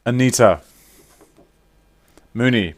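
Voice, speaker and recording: A man's voice: mid-range voice, takes it slowly, dry recording, clean studio sound. A man chatting casually with viewers on a live stream while signing autographs, teasing and reading out names.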